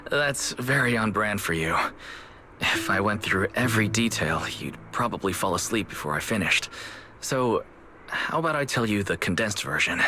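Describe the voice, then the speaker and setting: An actor voicing a calm, earnest young male proxy in a video game, speaking in a measured way with a dry sense of humor. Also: lowish voice, a little hiss or hum. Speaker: game character. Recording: game audio with music behind.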